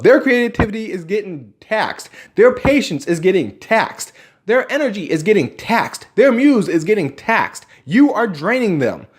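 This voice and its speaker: A man delivering an angry, profane, sarcastic rant on his vlog. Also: sits high. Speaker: vlogger ranting about roleplay community.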